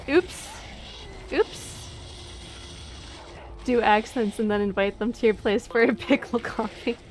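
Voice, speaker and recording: A woman's voice: on the high side, fairly even intonation, measured pace, long pauses, slight background noise. A young woman streamer chatting casually over gameplay, giggly and self-deprecating.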